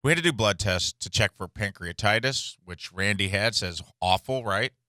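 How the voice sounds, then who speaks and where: A man's voice: fairly low pitch, moderate pace, sharp tone, dry recording, studio quality. A man on a casual comedy podcast, ranting and swearing as he tells a story and mocks people in impressions. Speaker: podcast co-host.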